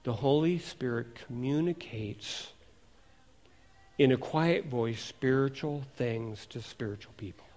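A male pastor preaching a sermon in a lively way, asking his congregation questions. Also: mid-range voice, measured pace. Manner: animated, asks the congregation questions.

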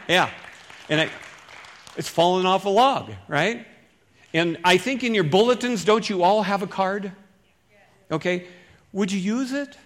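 A middle-aged man preaching a sermon as pastor, in a folksy, conversational way that swings between loud emphasis and quiet asides. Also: high-pitched.

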